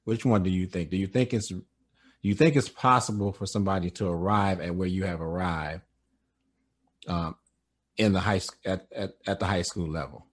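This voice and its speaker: A man hosting a podcast interview and asking questions in a measured, thoughtful way. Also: deep voice. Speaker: podcast host and high school educator.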